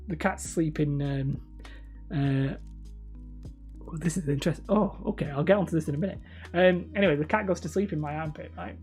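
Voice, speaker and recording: A woman's voice: low voice, darkish tone. A woman chatting casually on a live stream from home, rambling and laughing often as she talks.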